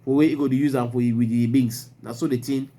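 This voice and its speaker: A man's voice: medium pitch, steady tone, fast, warm tone. A man speaking with a Cameroonian Pidgin accent, giving opinionated, mocking news commentary with emphatic exclamations.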